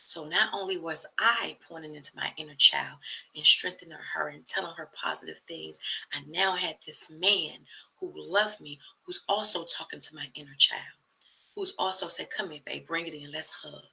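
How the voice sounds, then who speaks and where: Gravelly, bright-voiced woman sharing testimony. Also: low-pitched, normal speed, poor audio. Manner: earnest and emphatic, often dropping to a soft hush. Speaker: channel host. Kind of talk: personal testimony vlog.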